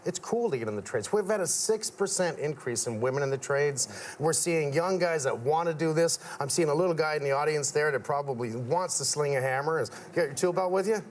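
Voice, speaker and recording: A man's voice: fairly high pitch, a little fast, a little hiss or hum. A middle-aged man, a contractor guest on a talk show, chatting casually and acting out quoted people as he tells stories. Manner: animated storyteller, acts out quotes.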